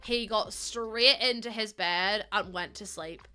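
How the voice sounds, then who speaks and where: A woman's voice: medium pitch, takes it slowly, sharp tone, faint music behind. A pregnant woman, chatting casually and telling stories while streaming a game. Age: 20s. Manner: chatty storytelling with laughs and acted-out quotes.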